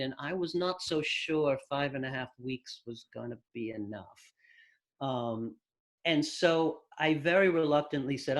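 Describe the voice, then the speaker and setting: A man, a record producer, guest on an interview, telling long anecdotes at an unhurried pace with thoughtful pauses. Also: a little high. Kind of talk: casual storytelling interview.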